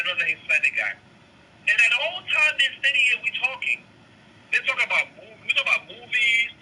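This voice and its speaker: Forceful, raspy man; indignant profane storyteller. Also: very high-pitched, low-quality recording. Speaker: guest, transit officer. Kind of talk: heated storytelling in casual chat.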